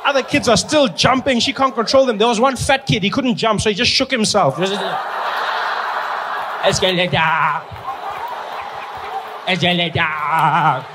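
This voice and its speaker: A male stand-up comedian telling stories in an animated way, acting out scenes and laughing through his lines. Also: very high voice, fairly quick, few pauses, background noise. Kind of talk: stand-up storytelling.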